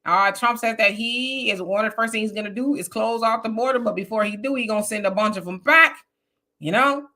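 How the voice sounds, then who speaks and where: A woman hosting a live political talk stream, reading chat comments aloud and answering them bluntly in a casual, animated way. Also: fairly high pitch, brisk.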